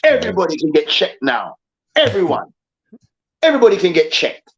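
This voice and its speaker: A man hosts a football debate show, ranting angrily and profanely and hammering his points through repetition. His high voice is sing-song, brisk and creaky, and the recording sounds dull and lo-fi.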